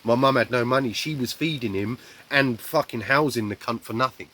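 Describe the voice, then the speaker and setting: A man telling a raw personal story bluntly, swearing heavily and acting out shouts and quoted lines. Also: medium pitch, brisk.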